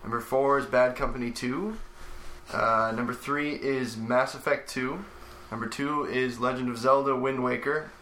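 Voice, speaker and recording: A man's voice: mid-range voice, fairly even intonation, moderate pace, sharp tone, slight background noise. A young man in a casual chat with friends, talking hesitantly with many ums.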